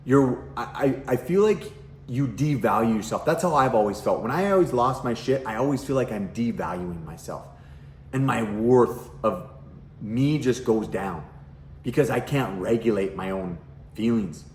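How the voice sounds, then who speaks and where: A man's voice: mid-range voice, lively intonation, normal speed, darkish tone, echoey room, a little hiss or hum. A middle-aged man, a parenting coach, talking bluntly to camera at home with lots of swearing and rhetorical questions. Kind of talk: casual direct-to-camera talk. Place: at home, kitchen nearby.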